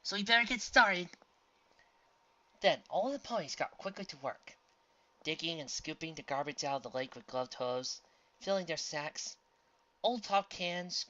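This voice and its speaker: A woman reading a fan fiction story aloud with expressive storytelling. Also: sits low, highs cut off. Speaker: reader.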